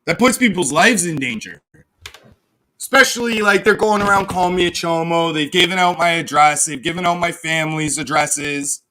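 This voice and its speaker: A man's voice: a little high, moderate pace, pushed and bright, a little hiss or hum. A young man from Canada ranting mockingly on a casual livestream, swearing and laughing at his own jabs. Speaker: live streamer.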